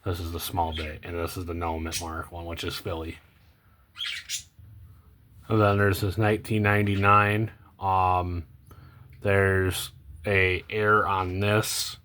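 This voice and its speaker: A young man talking casually about coins as he sorts them, rambling and hesitant with many ums and self-corrections, often trailing off quietly. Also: flat delivery, unhurried, pauses often, noisy background. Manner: low-key, trails off quietly at phrase ends. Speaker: coin collecting vlogger. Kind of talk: casual unscripted commentary while sorting coins.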